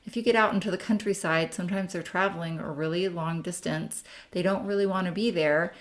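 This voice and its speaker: Chatty woman teaching, lower voice. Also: steady tone, a little fast. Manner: chatty, friendly, with frequent ums. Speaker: family history instructor. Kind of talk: screen-share tutorial walkthrough.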